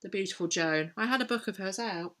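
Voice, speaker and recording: Bright-toned woman chatting casually. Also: mid-range voice, a little fast. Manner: chatty, thinks aloud with many ums. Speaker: book vlogger answering viewer questions. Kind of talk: casual chat.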